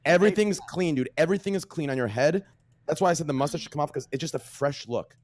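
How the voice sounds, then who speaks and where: A man's voice: on the high side, quick pace. A man in casual group banter on a podcast, emphatic and repeating himself. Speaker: podcast guest.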